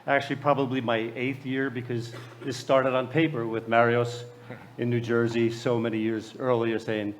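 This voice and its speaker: A man's voice: mid-range voice, level tone, moderate pace, a little hiss or hum. An American man in his late sixties from New Jersey, telling personal stories in a keynote speech, often stumbling and repeating words. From USA. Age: 60s. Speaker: keynote speaker.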